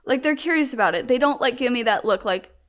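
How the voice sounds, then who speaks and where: Young woman with fillers, slightly high voice. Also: lively intonation, fast. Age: young adult. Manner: rambling, heavy on "like" fillers and restarts; open and emotionally frank. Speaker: interviewee. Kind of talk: candid personal storytelling.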